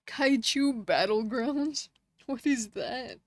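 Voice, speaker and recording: A woman's voice: fairly high pitch, slow, no room sound, clean studio sound. A woman live streamer chatting casually with her viewers, reading their comments and laughing often.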